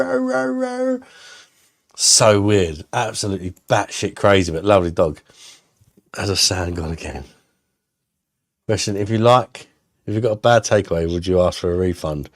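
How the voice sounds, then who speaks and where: A low-voiced man on a live stream trades crude jokes and banter with his viewers, heavy on the jokey back-and-forth. The sound is close and dry, with no room sound at all.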